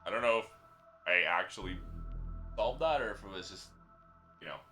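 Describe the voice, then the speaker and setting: A man's voice: fairly low pitch, expressive, normal speed, pushed and bright, soft background music. A man streaming a video game, giving wry, casual commentary half to himself.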